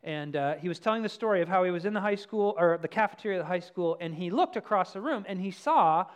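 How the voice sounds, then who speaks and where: A lively pastor delivers a sermon and acts out little scenes. The voice sits mid-pitched, and the delivery jumps between loud bursts and near-whispered asides. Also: quick pace. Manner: animated, acts out quotes, swings between loud and soft.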